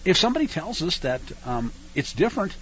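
A man preaches with heat and scorn, his high voice leaping up and down through each sentence. The tone is bright and a little husky, carried on a dull, lo-fi radio recording. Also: sing-song, fairly quick, a little hiss or hum. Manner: fiery, emphatic, scornful. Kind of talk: radio sermon.

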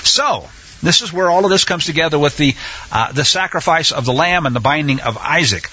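A man's voice: fairly high pitch, expressive, a little fast, sharp tone, husky, lo-fi sound. A man teaching the Bible on the radio in an impassioned, conversational way, full of asides. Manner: impassioned, indignant preaching with asides.

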